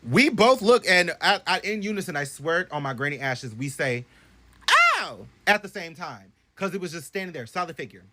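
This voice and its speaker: A young man casually telling a story to his phone camera at home, animated and profane, swinging from loud bursts to hushed asides. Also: fairly high pitch, fairly quick, hardly any pauses, very noisy. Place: bedroom at home.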